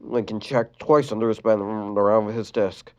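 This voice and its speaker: A storyteller reading a fan-written sad story aloud, expressive and stumbling on a few words. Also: medium pitch, moderate pace, dull audio.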